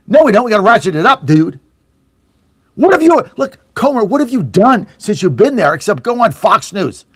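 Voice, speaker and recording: A middle-aged male talk radio host rants in a high, lively voice that swoops up and down as he gets worked up. He is blunt and sarcastic, swears, and repeats himself for emphasis. The sound is dry and close, with no room around it. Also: brisk, husky, no room sound. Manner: angry, sarcastic, mocking voices of opponents. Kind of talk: fiery political talk radio rant.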